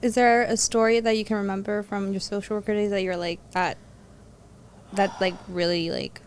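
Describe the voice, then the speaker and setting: Woman host, smooth clear voice, curious and chatty. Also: medium pitch, little pitch movement, normal speed. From Virginia. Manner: curious, asks follow-up questions. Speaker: podcast host. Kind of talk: casual interview chat.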